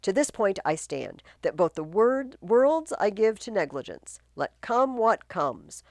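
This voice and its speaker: A woman reading the part of a furious young nobleman bent on revenge, shouting verse. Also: mid-range voice, big pitch swings, a little slow, dry recording.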